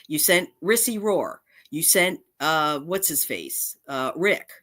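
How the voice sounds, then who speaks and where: A woman's voice: deep voice, animated, takes it slowly, fairly bright tone. A woman vlogger delivering an angry, confrontational rant straight to camera, indignant and repeating her points. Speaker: cat channel vlogger.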